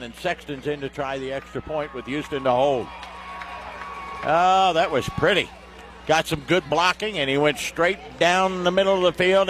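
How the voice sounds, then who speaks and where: Excitable radio football announcer, man. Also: a little high. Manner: excitable, shouts on big plays. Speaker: play-by-play announcer.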